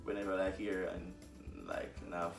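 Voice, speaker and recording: A Jamaican man from Jamaica, a guest in a casual conversation, talking in a relaxed, halting way with many fillers. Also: deep voice, far from the mic. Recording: echoey room, voice off-mic, faint music.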